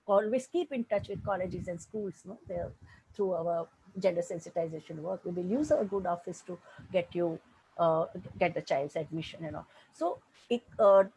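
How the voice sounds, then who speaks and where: A woman's voice: fairly low pitch, moderate pace, dark tone, a little hiss or hum, poor audio. An older woman with an Indian accent, a women's rights activist speaking earnestly and emphatically in a panel talk, often restarting her sentences, over a video call.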